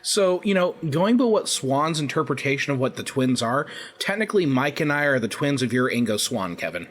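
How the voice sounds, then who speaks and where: Animated wisecracking podcast co-host man. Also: mid-range voice, brisk. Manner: crude wisecracks, laughs easily. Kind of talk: casual comedic podcast banter.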